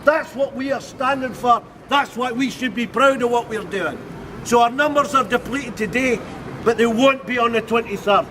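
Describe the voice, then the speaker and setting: A man's voice: very high voice, moderate pace. A middle-aged man making a rousing, defiant speech at an outdoor counter-protest. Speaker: rally speaker. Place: outdoors on a city street. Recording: street noise and a crowd around.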